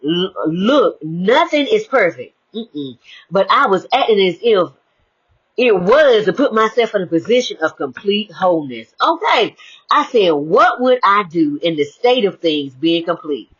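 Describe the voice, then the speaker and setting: A woman giving a lively spiritual motivational talk, swinging between hushed, reflective stretches and bright exclamations. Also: mid-range voice, a little slow, husky. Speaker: inspirational speaker. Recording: muffled lo-fi audio.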